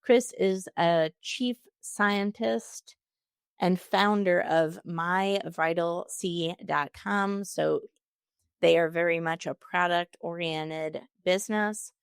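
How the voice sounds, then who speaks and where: A woman's voice: lowish voice, slow pace, clean tone, dry recording, clean studio sound. A woman hosting a solo podcast, answering listener questions with upbeat, encouraging advice. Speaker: podcast host.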